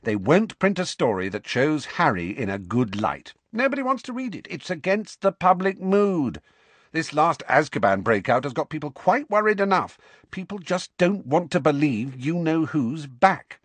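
A man's voice: fairly high pitch, sing-song, normal speed, no echo, voice pushed up. A man voicing a scornful, pushy middle-aged woman journalist who talks in a cold, withering, sarcastic way.

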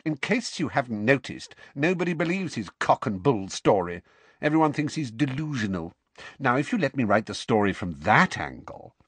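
A pushy, scornful gossip journalist sneers and mocks with icy sarcasm, as a man reading aloud puts her on. The voice lifts well above his own and leaps around in pitch. It sits dry and close to the mic in a storybook reading. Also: big pitch swings, normal speed, fairly bright tone, slightly rough, dry recording. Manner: sneering, cold, witheringly sarcastic.

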